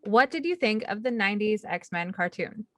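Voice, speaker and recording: A woman's voice: medium pitch, expressive, normal speed, a bit bright, no echo. Playful woman hosting a podcast. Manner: playful, teasing. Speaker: podcast host. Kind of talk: casual chat.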